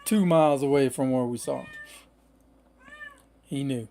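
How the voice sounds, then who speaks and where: Gravelly laid-back middle-aged man. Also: mid-range voice, measured pace, long pauses, warm tone, slight background noise. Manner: rambling, laid-back, many fillers. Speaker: van-life livestream host. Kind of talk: casual livestream chat.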